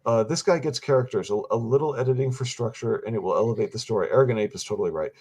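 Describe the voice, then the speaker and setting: A man co-hosting a casual comic review chat, chatty and quick to agree. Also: mid-range voice, darkish tone, breathy edge. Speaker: podcast co-host.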